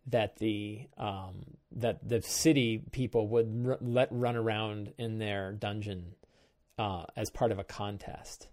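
A man hosting a game-prep show, thinking aloud while he plans a tabletop session, musing in halting stops and restarts. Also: on the low side, darkish tone.

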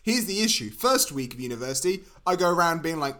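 A British man with a somewhat high-pitched voice co-hosting a casual comedy podcast. He jokes in a mock-salesman bravado, pushing silly schemes with full confidence. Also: sing-song, fairly quick, fairly bright tone. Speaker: podcast co-host.

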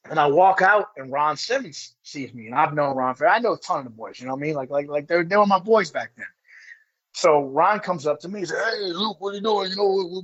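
Fairly high-pitched and fairly bright, this forty-something former pro wrestler's voice comes through dull lo-fi audio. He's guesting, spinning a loose, rambling yarn laced with swearing and plenty of "bro."

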